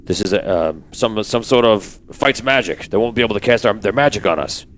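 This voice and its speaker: A man's voice: lowish voice, lively intonation, fairly quick, slight background noise, natural voice. A man voicing a weary, practical dwarf smith who thinks aloud and hesitates. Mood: earnest. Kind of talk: tabletop role-play voicing.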